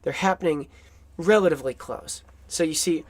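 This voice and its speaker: A man's voice: a little high, moderate pace. A man giving an enthusiastic, rambling film commentary, with asides and chuckles.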